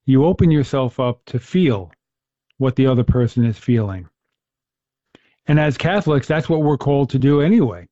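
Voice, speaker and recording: A man hosting a casual conversation about faith speaks earnestly, telling stories and restarting his sentences as he thinks. His voice is mellow, at an ordinary pitch. The sound is dry and close, with a slightly muffled, lo-fi quality. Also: no echo. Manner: earnest, storytelling, with frequent restarts. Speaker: host.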